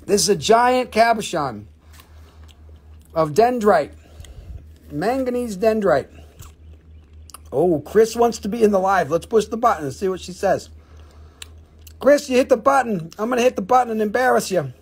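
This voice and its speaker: A husky, slightly breathy voice at an ordinary middle pitch, belonging to a seller on a live sales stream. The talk is loose and jokey, swearing freely and rambling between prices. It is casual, unscripted patter. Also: animated, moderate pace, long pauses.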